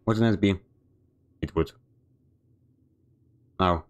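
A man's voice: low voice, fairly even intonation, normal speed, long pauses, a bit bright, clean tone. A man streaming a video game, giving a sarcastic, grumbling running commentary. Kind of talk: live gameplay commentary.

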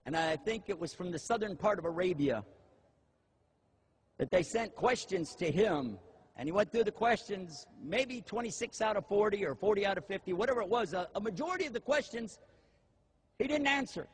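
Animated older man preaching with mimicry. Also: normal speed, breathy edge. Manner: animated, mimics eager voices in high pitch. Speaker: Muslim preacher. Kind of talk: lecture with acted-out asides.

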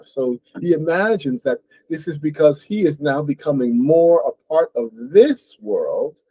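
Man, American accent, book club teacher, slightly high voice, warm mellow tone, dry close sound. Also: breathy edge, no room sound, rough recording. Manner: patient, explanatory, often checks in with "right?". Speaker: host and English teacher. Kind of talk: reading a novel aloud and explaining it to learners.

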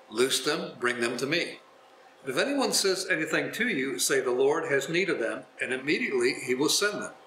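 A man's voice: medium pitch, sharp tone, slight background noise. A male pastor teaching a Bible class, reading scripture aloud and then explaining it in a folksy, chuckling way. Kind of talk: scripture reading with casual commentary. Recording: echoey room.

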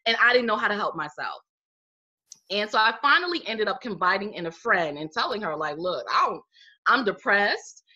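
A woman's voice: medium pitch, big pitch swings, brisk, bright, forceful tone. A middle-aged woman, a life coach, telling her own story in a casual interview and acting out what people said. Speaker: guest, life coach and healer. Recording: muffled lo-fi audio.

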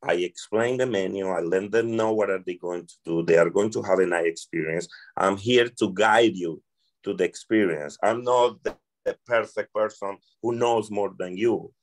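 A Colombian restaurant server with a Colombian Spanish accent answers interview questions earnestly, acting out exchanges with guests. His voice sits low and he speaks at a moderate pace.

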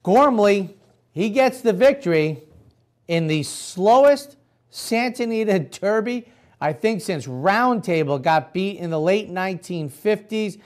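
A man's voice: sits high, lively intonation, measured pace, darkish tone. A man hosting a racing show, recapping results in a casual, chatty way and addressing the audience directly.

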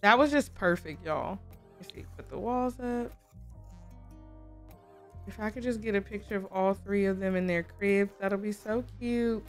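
Chatty excitable woman gamer with faint music. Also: medium pitch, a little slow, long pauses. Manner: chatty, excitable, talks to viewers as y'all. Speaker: gaming video host. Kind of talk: casual game commentary.

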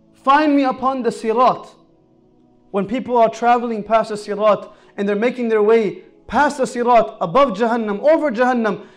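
A man preaching an Islamic sermon, telling stories earnestly and moving between soft, low passages and raised, emphatic ones.

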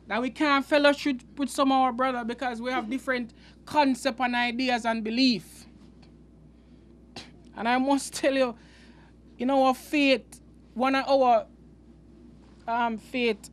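Male preacher-host, high-pitched, earnest, halting delivery with frequent restarts. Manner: halting, repeats words, earnest and emphatic. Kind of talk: unscripted Bible teaching.

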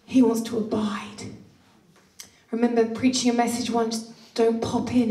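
A woman's voice: on the high side, monotone, moderate pace. Passionate woman preaching in a roomy church. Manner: passionate, playful, with laughs and sudden hushed asides. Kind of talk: sermon. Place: church hall. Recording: roomy church hall, distant mic.

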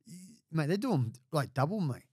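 Appearing as a guest on a casual podcast, a middle-aged Australian man with a fairly high, husky voice tells stories bluntly at a moderate pace. He swears a lot and gets animated when he acts out what others said. The studio-quality recording is dry.

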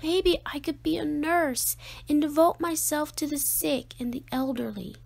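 A woman's voice: high voice, measured pace, vocal fry, darkish tone. A woman voicing a strong-willed, dramatic little girl who speaks emphatically. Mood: earnest. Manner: emphatic, indignant questions.

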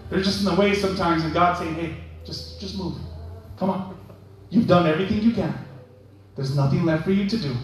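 A man preaching a sermon to his congregation, calling for amens and acting out imagined dialogue. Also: very high-pitched. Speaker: pastor. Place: church sanctuary. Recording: echoey church hall from far off.

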